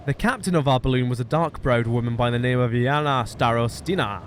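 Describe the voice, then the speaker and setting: A man's voice: mid-range voice, fairly quick, few pauses, slight background noise. A man streaming a game, reading its narration and dialogue aloud and joking with friends. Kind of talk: live-streamed game read-aloud with chat.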